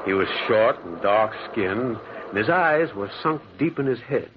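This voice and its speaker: A man's voice: on the low side, animated, measured pace, heavy background noise. A man playing a lonely former prospector who narrates a 1940s radio drama, an old muffled recording. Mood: brooding. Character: lonely male loner who once prospected in the mountains.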